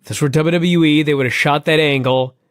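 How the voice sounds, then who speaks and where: A man co-hosting a podcast, chatting casually as an excitable, enthusiastic fan. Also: brisk, no echo, clean studio sound. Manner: excitable, enthusiastic fan who jumps up in pitch when thrilled. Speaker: podcast co-host. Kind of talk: casual chat.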